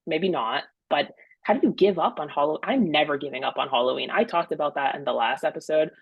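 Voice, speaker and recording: A woman hosting a podcast, telling stories in an animated, emphatic way. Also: deep voice, a little fast, vocal fry, husky, dry recording, muffled recording. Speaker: podcast host. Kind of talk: casual podcast chat.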